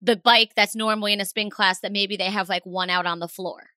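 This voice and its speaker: A woman's voice: medium pitch, fairly even intonation, a little fast, sharp tone, no room sound, clean studio sound. A woman hosting a podcast, chatty and teasing in casual conversation. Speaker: podcast host.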